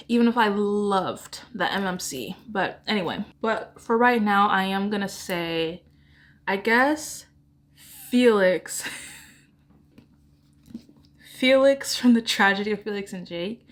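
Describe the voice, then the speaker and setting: A woman's voice: mid-range voice, lively intonation, slow pace, pauses often, fairly bright tone. Rambling, giggly woman book vlogger. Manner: rambling, self-deprecating, giggly. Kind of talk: casual chat.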